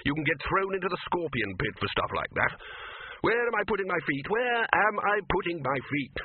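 A man's voice: high voice, big pitch swings, normal speed, phone-quality sound, a little hiss or hum, pitched above the performer's own voice. A man voicing an impatient wizard scholar who gives curt, bossy orders. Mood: lecturing.

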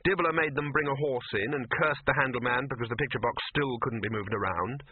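A man narrating an audiobook in a measured, wry way, on a tinny, phone-like recording. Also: medium pitch, a little hiss or hum.

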